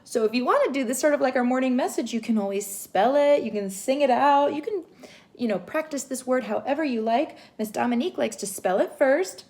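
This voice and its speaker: A young woman giving a home literacy lesson to young children, sounding out words slowly and gently. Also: sits high, animated. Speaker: teacher.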